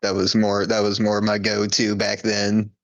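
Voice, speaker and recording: A man with a low, gravelly voice full of fry talks in a relaxed podcast chat. He is laid-back and pokes fun at himself. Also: measured pace, lo-fi sound. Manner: laid-back, self-deprecating, swears. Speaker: podcast co-host. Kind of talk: casual storytelling chat.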